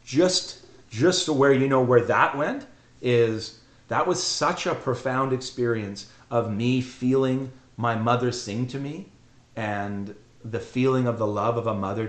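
A middle-aged man telling a heartfelt personal story on a podcast, earnest and emotional, often halting and repeating himself. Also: mid-range voice. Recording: roomy echo.

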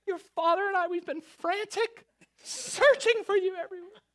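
A man's voice: normal speed, fairly bright tone. A man putting on a frantic, pleading mother. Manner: pleading, high and strained. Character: anxious, frantic mother searching for her son.

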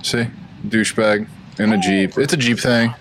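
A man's voice: on the low side, normal speed, a loud crowd. A man in his thirties, co-hosting a podcast in casual chat, laid-back and crude in his jokes. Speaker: podcast co-host.

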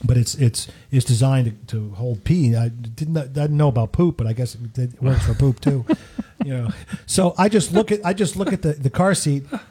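A man's voice: mid-range voice, moderate pace, dark tone, slightly rough. A man co-hosting a casual chat, who keeps laughing as he tells a funny story. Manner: laughs often while telling a story.

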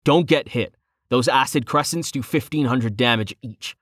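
A man's voice: mid-range voice, moderate pace, a bit bright, dry recording, lightly acted. Brash armored young hero voiced by a male narrator, blunt, urgent, dry sound. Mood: tense.

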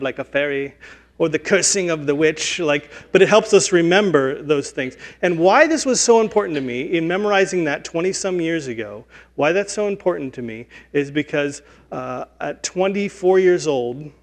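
A man in his forties, a pastor giving an earnest, conversational, self-deprecating sermon in a church. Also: fairly high pitch. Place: church sanctuary.

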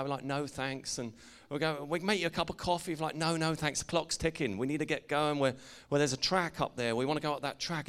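A man's voice: mid-range voice, a bit bright, clean tone. An English preacher telling a playful, jokey story to his congregation and teasing the listeners as he goes. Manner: playful, jokey, engages the audience.

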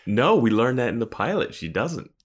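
A man co-hosting a podcast, chatting casually about a TV episode, animated and chuckling often. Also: medium pitch, moderate pace. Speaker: podcast co-host. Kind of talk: casual chat recapping a TV episode.

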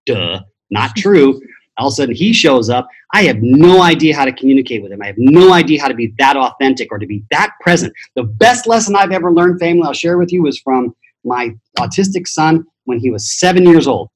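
Animated, a little fast and husky, this medium-pitched voice belongs to a middle-aged transformation teacher guesting on a podcast. Over a low-quality recording he tells blunt, profane motivational stories from his life and acts out quoted voices.

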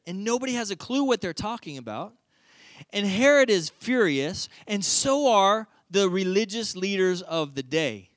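A man preaching a sermon, retelling a story in a lively, conversational way. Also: high voice, no room sound. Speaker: pastor.

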